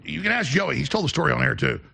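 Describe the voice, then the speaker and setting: A man's voice: a little high, animated, fast, vocal fry, sharp tone, slightly rough. A man hosting a show, telling long rambling anecdotes in a casual on-air manner. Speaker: show host.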